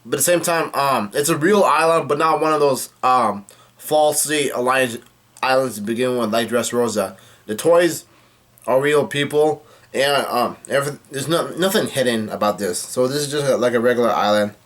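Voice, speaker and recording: Halting man recapping a comic chapter. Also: mid-range voice, a bit bright. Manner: halting, with frequent restarts and pauses.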